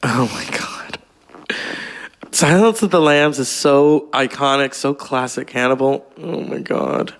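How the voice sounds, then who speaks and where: Creaky man rambling and swearing. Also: medium pitch, a little slow, hardly any pauses. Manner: gossipy, profane, digressive. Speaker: vlogger. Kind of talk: rambling casual monologue.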